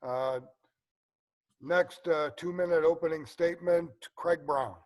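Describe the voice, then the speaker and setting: Man moderating with halting fillers. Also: on the high side. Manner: halting, many filler words. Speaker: forum moderator. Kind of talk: moderating a candidate forum.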